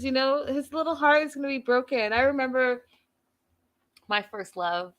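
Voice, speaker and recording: A woman's voice: sits high, expressive, moderate pace, a bit bright. A woman hosting a TV recap show, chatting casually to her viewers in a gossipy, playfully dramatic way.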